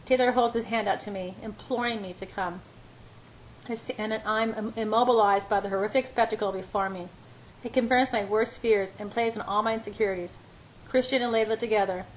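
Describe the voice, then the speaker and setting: A woman's voice: mid-range voice, a little hiss or hum, low-quality recording. A woman reading a first-person novel aloud as an amateur audiobook, often stumbling and restarting words. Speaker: audiobook reader.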